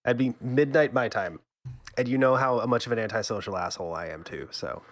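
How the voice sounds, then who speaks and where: A man chatting with friends on a gaming podcast. His voice is mid-pitched, and his delivery is dry and teasing, with casual swearing. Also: fairly quick. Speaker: podcast co-host.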